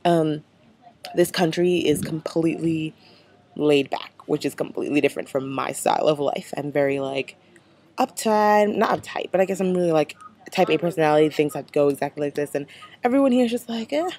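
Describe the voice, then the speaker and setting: A woman's voice: low-pitched, a little fast, warm tone. A young American woman vlogging casually, chatty and rambling with lots of fillers. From United States. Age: young adult. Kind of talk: casual vlog.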